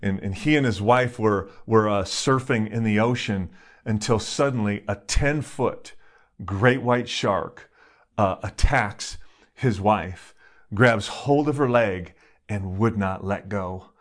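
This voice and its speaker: A man preaching a sermon in a conversational, emphatic way, telling stories with sudden jumps in pitch. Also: takes it slowly. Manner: animated, emphatic storytelling with sudden rises in pitch; conversational, with fillers and restarts. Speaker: pastor.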